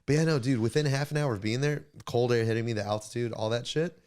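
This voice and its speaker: A young man co-hosting a podcast in casual chat, a bit hoarse, laid-back, swearing often and laughing a lot. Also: mid-range voice, fast, a little mellow. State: hoarse from laryngitis. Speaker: podcast co-host.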